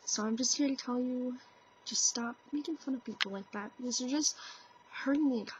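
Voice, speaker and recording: Earnest young woman vlogging, slightly high voice. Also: normal speed, noisy background. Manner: earnest, frequent "like" and "you know" fillers. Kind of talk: casual opinion vlog. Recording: dull lo-fi webcam audio.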